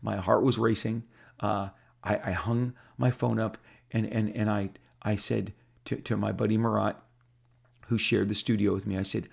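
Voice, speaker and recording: A man's voice: fairly low pitch, level tone, normal speed, gravelly, darkish tone, husky. A man in his fifties telling casual stories in a rambling way, with many repeated words and restarts. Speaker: comic artist telling stories. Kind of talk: casual storytelling monologue.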